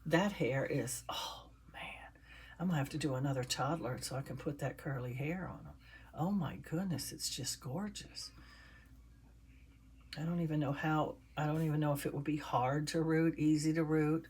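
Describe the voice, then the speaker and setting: With a low-pitched, darkish voice at a moderate pace, an older woman chats to viewers as she stuffs and assembles a handmade doll. A little hiss or hum sits under this casual crafting vlog.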